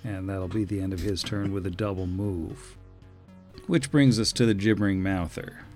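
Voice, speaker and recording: A man's voice: low voice, normal speed, a little mellow, faint music behind. A man serving as game master, plainly reading out monster defenses and abilities with frequent filler words. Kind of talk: running a tabletop game, reading monster stats.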